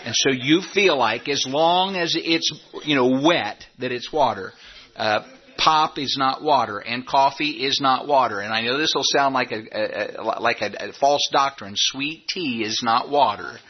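A man's voice: mid-range voice, a little slow. An older man preaching a sermon as a pastor, in a folksy, conversational way with humorous asides. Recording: dull lo-fi sound.

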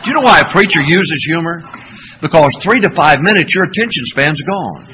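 Animated, bright-voiced preacher man. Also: a little high, brisk, a little hiss or hum, rough recording. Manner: animated storytelling preacher, rhetorical questions to the congregation. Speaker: pastor. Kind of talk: sermon.

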